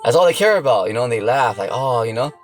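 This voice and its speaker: Man, off-the-cuff preaching, blunt and profane, average pitch, faint music behind. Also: big pitch swings, racing, poor audio. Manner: blunt and profane, keeps asking "see that?" and "you know?". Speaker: religious teacher.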